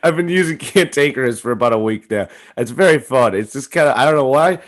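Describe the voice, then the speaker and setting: A man's voice: medium pitch, animated, quick pace. A man co-hosting a comedy podcast, chatting casually in a rambling, joking way and swearing freely. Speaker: podcast co-host.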